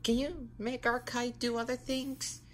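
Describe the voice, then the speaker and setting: Woman voicing a caring girl superhero, encouraging, high-pitched, unhurried, faint hiss behind. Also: flat delivery, lightly acted. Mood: gentle, encouraging. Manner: encouraging, praising, motherly. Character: caring big sister girl superhero, motherly. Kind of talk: fan voice role-play.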